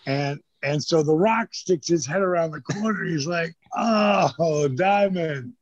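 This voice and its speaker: A man's voice: on the high side, normal speed. A man in his sixties, a guest on an interview show, telling stories casually and animatedly with profanity, acting out the voices of people he quotes. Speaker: interview guest, former wrestler. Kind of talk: casual storytelling. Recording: dull lo-fi sound.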